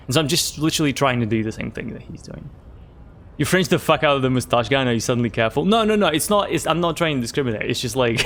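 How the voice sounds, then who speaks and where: A man in casual let's-play chat, rambling and halting as he talks through a game. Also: medium pitch. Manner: rambling, halting, swears and laughs a lot. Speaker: gamer playing with friends.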